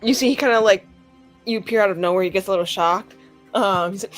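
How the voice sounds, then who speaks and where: A woman casually playing a tabletop game, blunt and quick to swear. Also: medium pitch, faint music behind. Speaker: player.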